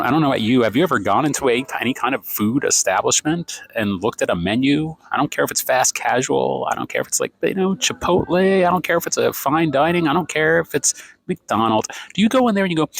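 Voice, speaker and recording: In a café, a vlogger in his fifties films himself on his phone and rants sarcastically. His mid-range voice has vocal fry and a fairly bright, slightly rough tone. He sounds exasperated and tends to ramble.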